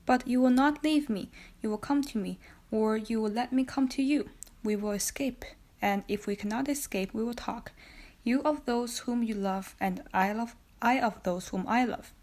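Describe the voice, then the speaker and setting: A woman's voice: a little high, normal speed, a little mellow, lightly acted. A woman reading the part of a young male prisoner, pleading fervently in an audiobook. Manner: fervent, imploring.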